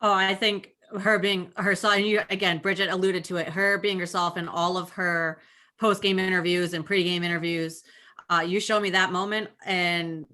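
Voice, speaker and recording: A woman coach speaking as a guest on a panel over a video call, animated and fast-flowing. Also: on the low side. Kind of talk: panel discussion.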